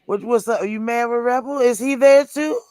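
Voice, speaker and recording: Man, high voice, chatty, laughs easily, dry sound. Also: fairly quick, darkish tone, clean tone, no echo. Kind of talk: casual group chat.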